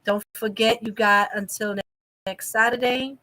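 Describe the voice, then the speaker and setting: A woman hosting a casual livestream chat from home, telling a story in an animated way, exclaiming and laughing as she goes. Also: on the high side, moderate pace. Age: adult mother of a young child. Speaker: livestream host.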